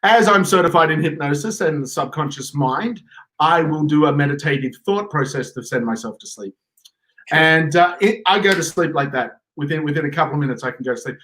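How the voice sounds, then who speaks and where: A man's voice: on the high side, brisk, fairly bright tone. A man co-hosting a casual live stream, joking around and laughing often. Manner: joking, playful, breaks into silly voices and laughter. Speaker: co-host.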